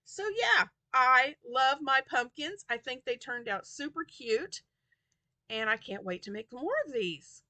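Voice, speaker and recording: A woman vlogger chatting casually about her crochet projects, tired from a short night's sleep and quick to giggle. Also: high-pitched, expressive, pushed and bright, no room sound. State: tired and yawning. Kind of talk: casual chat to camera.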